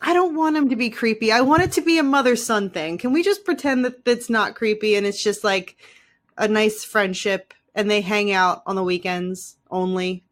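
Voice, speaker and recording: A woman's voice: mid-range voice, moderate pace. A woman chatting casually on a podcast, giggly and rambling, often interrupting herself. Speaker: podcast guest co-host. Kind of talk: casual chat.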